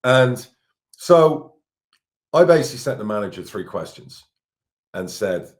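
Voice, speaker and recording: A deep-voiced Irish man in middle age, co-hosting a football podcast. He talks bluntly and candidly, swears freely and stumbles over repeated words when worked up. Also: sing-song, a little slow. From Ireland. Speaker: football club chairman, podcast co-host.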